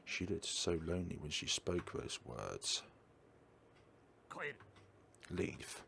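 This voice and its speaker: A man hosting a let's play, reading a visual novel's first-person narration aloud in a steady, quiet way. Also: low-pitched, a little slow, vocal fry. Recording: game music underneath.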